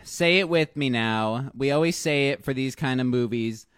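A man's voice: mid-range voice, moderate pace, a bit bright, clear, resonant tone, no room sound. A man from the United States co-hosting a casual movie review, jokey, often laughing and cutting in. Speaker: co-host of a movie review show.

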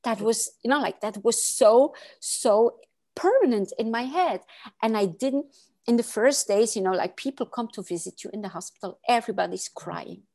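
A woman's voice: on the high side, animated, normal speed, dark tone. A woman in her late forties, a guest telling a personal story in an earnest, emphatic way, with many fillers and restarts.

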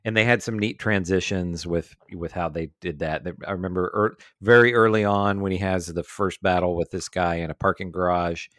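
A man's voice: low voice, fairly even intonation, normal speed, hardly any pauses, fairly bright tone, no room sound, studio quality. A man in his forties co-hosting a casual movie chat, rambling with many fillers and restarts. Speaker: podcast co-host.

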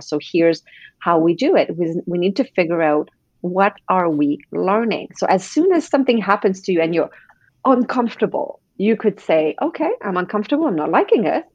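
A woman's voice: fairly low pitch, a little mellow, husky, no room sound, lo-fi sound. A woman coach being interviewed on a podcast. She speaks animatedly and acts out quoted voices. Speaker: guest coach.

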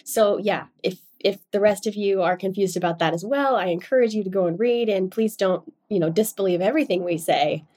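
A woman's voice: medium pitch, a little fast, hardly any pauses, darkish tone. A woman co-hosting a casual book-club podcast, chatty and self-deprecating, laughing often. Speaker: podcast co-host.

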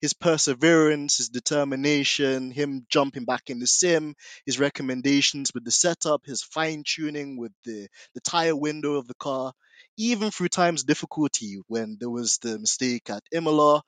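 A man's voice: mid-range voice, moderate pace, a bit bright, no echo. Enthusiastic man gushing as a podcast guest. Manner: enthusiastic, effusive praise. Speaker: guest fan. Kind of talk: casual chat.

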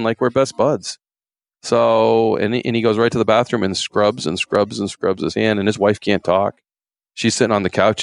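A man's voice: on the low side, moderate pace, vocal fry, no room sound. A man, a former game warden, telling stories in a rambling, folksy way with many fillers. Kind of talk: casual storytelling interview.

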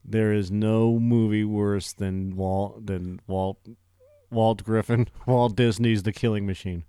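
A man co-hosting a movie podcast, rambling casually, laughing and swearing, often trailing off quietly. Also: lowish voice, steady tone, takes it slowly, smooth, dry recording, clean studio sound. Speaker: podcast co-host. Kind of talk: casual chat.

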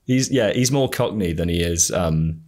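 A man's voice: sits low, expressive, moderate pace, a little mellow. A man with a southern English accent chatting casually on a podcast, rambling and hesitant with many fillers. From England. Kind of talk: casual chat.

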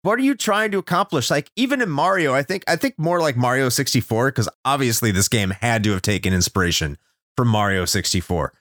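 A man's voice: medium pitch, lively intonation, a little fast, a bit bright, dry recording, studio quality. A man co-hosting a casual podcast chat, ranting sarcastically and swearing often. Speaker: podcast co-host.

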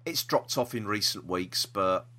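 A man's voice: on the low side, expressive, a little slow, sharp tone. A man co-hosting a podcast, talking in a chatty, jokey, rambling way. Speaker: podcast co-host. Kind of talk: casual chat.

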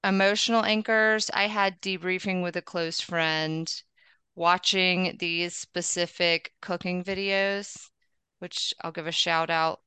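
A woman with a bright, very crisp and smooth voice chats casually as a podcast guest. She lists things in a friendly way with small fillers, recorded dry and close. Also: lowish voice, no room sound. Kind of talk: casual conversation.

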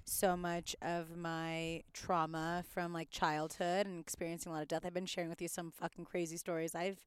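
A woman's voice: lowish voice, little pitch movement, moderate pace, clear, resonant tone, dry recording. A woman hosting a casual conversation, talking openly and candidly and swearing now and then.

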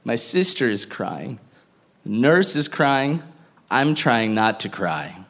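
A man's voice: mid-range voice, big pitch swings, takes it slowly, gravelly, a bit bright. A man doing stand-up, chatty and telling a family story while laughing through his own punchlines. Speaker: stand-up comedian.

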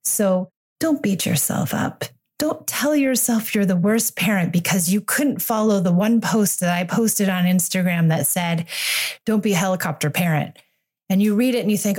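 Talking at a normal speed in a medium-pitched, darkish voice, a woman in her forties delivers a solo monologue on her parenting podcast. As a parenting coach, she opens up candidly about her own mistakes as a parent while reassuring listeners.

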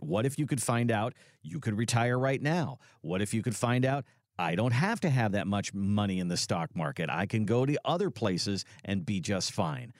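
Low-voiced man radio co-host. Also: no echo. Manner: steady, announcer-like delivery of contact details. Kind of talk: radio host read with promo. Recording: dry studio mic with faint music.

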